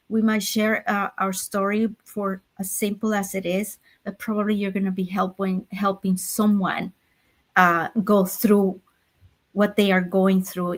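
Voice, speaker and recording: A woman who speaks at events, sharing a story on a talk show in an earnest way and laughing often. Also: medium pitch. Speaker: speaker and panel guest. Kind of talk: casual chat.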